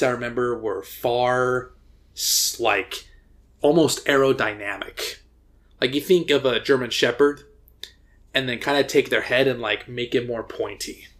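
A man's voice: mid-range voice, fairly bright tone. A man co-hosting a podcast, telling a story in casual chat, rambling with fillers and restarts. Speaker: podcast co-host.

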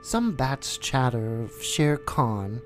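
A man voicing an earnest, quick-tempered boy raised by wolves in a storybook reading. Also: mid-range voice, very animated, over music. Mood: urgent. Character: young boy raised by wolves, eager and bold.

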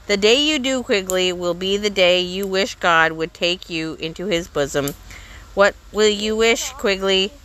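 A woman's voice: mid-range voice, unhurried, a bit bright, clear, resonant tone, natural voice. A woman voicing a harsh, bullying male schoolmaster who barks, mocks and scolds, read from a storybook. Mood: mocking. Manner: barking, mocking, raised voice. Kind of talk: storybook reading.

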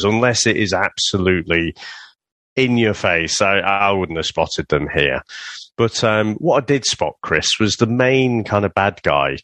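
A relaxed British podcast co-host chats about a film, stammering a little and chuckling now and then. His voice sits on the low side. The recording is dry and close. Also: no echo. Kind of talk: casual film review chat.

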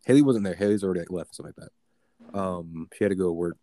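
A man's voice: sits low, racing, warm tone, no room sound. A young man telling a story in casual chat, rambling with many fillers and swearing. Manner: rambling, filler-heavy, profane.

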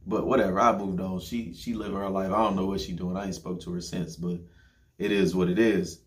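A young man casually telling a long personal story, profane and slangy, getting animated as he quotes people. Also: low-pitched, fairly quick.

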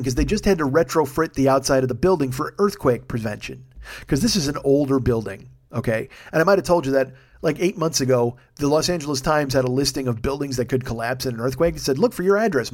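Fast-talking profane male podcast host. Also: mid-range voice, lively intonation. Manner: profane, self-deprecating, rambling. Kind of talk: casual storytelling monologue. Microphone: studio microphone.

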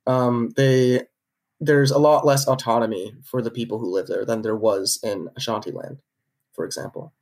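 A man co-hosting a podcast tells a history story casually and conversationally, with many fillers and restarts. His voice is medium-pitched with a darkish tone and fairly even intonation, at a normal speed.

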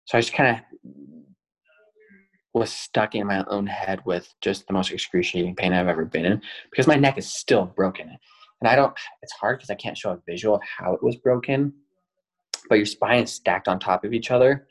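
Low-voiced young man telling a story. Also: moderate pace, rough recording. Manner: detailed, earnest storytelling with many fillers. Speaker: guest. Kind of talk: personal storytelling on a podcast.

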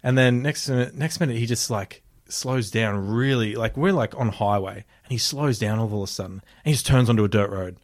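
A young Australian man telling a story in casual chat, animated, swearing often and laughing as he talks. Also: mid-range voice, a little fast, hardly any pauses, no echo, studio quality.

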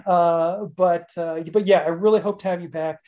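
A man's voice: high-pitched, steady tone, moderate pace, mellow. A man hosting a podcast, talking casually in a rambling, self-mocking way and laughing often. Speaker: podcast host. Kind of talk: casual chat.

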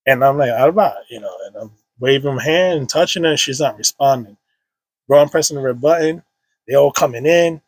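Man, 30s, podcast guest, emotional storytelling, husky tone, dry close sound. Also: medium pitch, fairly quick, no room sound. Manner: casual, heavy slang, many restarts and fillers.

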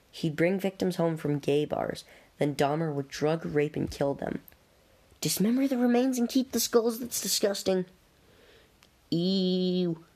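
Chatty vlogger reading a list out loud. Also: medium pitch. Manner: chatty, stumbles over names; blurts quick reactions. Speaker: video host. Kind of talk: casual reading and reacting.

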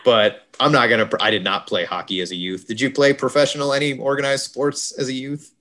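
A man's voice: medium pitch, steady tone, a little fast, pushed and bright. Podcast co-host, male, jokey and rambling, casual chat, self-corrects a lot. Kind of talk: casual movie discussion chat.

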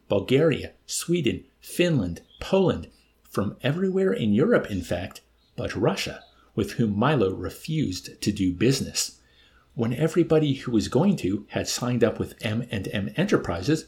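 A man reading a novel aloud in an animated way, now and then laughing and adding amused asides. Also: mid-range voice. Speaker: reader.

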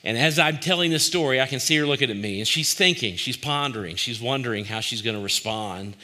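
A man's voice: mid-range voice, brisk, bright, forceful tone. A man, likely a pastor, giving a reflective devotional talk in a conversational, searching way, often restarting his sentences and asking listeners questions directly.

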